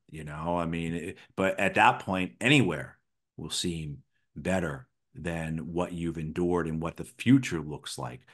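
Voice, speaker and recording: A man's voice: low-pitched, unhurried, fairly bright tone. A middle-aged man, a former Marine officer, giving conversational political analysis as an interview guest, thoughtful and full of restarts and fillers.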